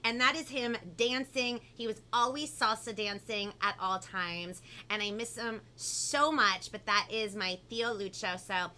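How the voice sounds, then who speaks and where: A woman hosting a children's live stream, talking in a bubbly, animated way and reading out viewer comments. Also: on the high side, unhurried, hardly any pauses. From family from Peru. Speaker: host of a live kids' show. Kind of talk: upbeat live-stream chat.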